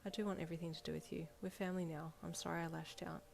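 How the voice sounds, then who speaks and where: A woman's voice: medium pitch, animated, a little hiss or hum, natural voice. Woman doing a blunt, slangy delinquent schoolgirl. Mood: apologetic. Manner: slangy and blunt, quick to snap. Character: blunt, foul-mouthed teenage schoolgirl delinquent.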